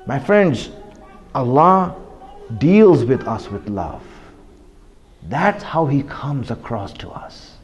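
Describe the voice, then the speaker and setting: A man giving an impassioned sermon, swinging between loud pleading and hushed, quiet asides. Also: medium pitch, sing-song, slow, long pauses. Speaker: preacher.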